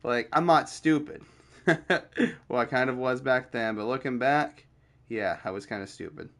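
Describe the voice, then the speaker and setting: Young guy, clear smooth tone, casual storytime vlogger, rambly and relaxed. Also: mid-range voice, normal speed. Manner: laid-back, rambling, lots of fillers and quoted dialogue.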